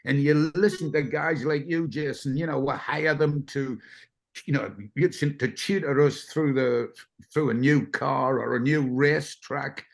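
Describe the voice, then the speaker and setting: A man's voice: mid-range voice, steady tone, unhurried. An older man, a guest telling rambling, self-deprecating racing stories in casual chat. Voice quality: gravelly.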